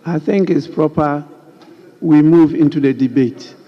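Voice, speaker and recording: A man's voice: fairly high pitch, a little slow. A man, the presiding speaker, briefly directing the floor of parliament. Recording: dull lo-fi sound.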